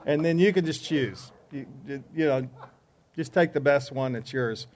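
A man's voice: medium pitch, normal speed, a little mellow, a little hiss or hum. A man giving joking news and telling jokes before a class lesson, in a rambling, chatty way. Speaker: class teacher.

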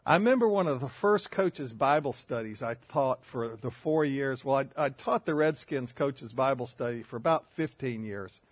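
A man's voice: medium pitch, expressive, normal speed, few pauses, dry recording. An older man preaching a sermon, telling folksy stories with self-deprecating humor. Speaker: pastor.

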